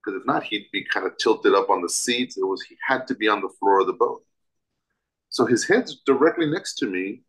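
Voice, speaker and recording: A man's voice: fairly low pitch, lively intonation, normal speed, a bit bright, rough recording. A man telling a personal story as an interview guest, vivid and emphatic, with restarts.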